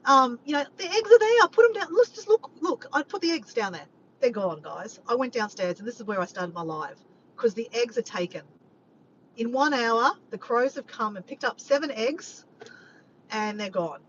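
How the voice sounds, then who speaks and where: A woman rambling to her viewers on a live stream, animated and swearing freely. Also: a little high, moderate pace. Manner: animated, swears often, keeps addressing "guys". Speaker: vlogger doing a live stream. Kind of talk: rambling casual chat to viewers. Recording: slightly muffled, faint background noise.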